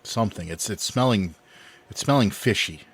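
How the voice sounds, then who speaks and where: A man with a very low voice co-hosts a casual podcast. He chimes in with dry, deadpan jokes. His delivery stays even and matter-of-fact. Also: normal speed, husky. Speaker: podcast co-host. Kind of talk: casual comedic podcast banter.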